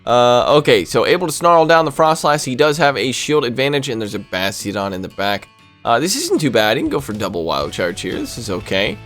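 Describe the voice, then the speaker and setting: An excitable man talks through a game battle in a casual commentary style, reacting aloud to each play. His voice sits at a medium pitch. Soft music plays faintly behind him. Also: a little fast. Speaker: gaming commentator.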